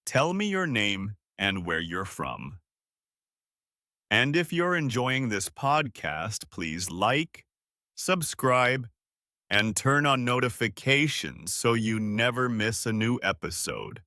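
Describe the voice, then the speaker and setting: A man hosting an English lesson podcast, speaking slowly and clearly in a scripted, encouraging repeat-after-me style. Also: medium pitch, very animated, pushed and bright, no room sound, clean studio sound. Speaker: English teacher and podcast host.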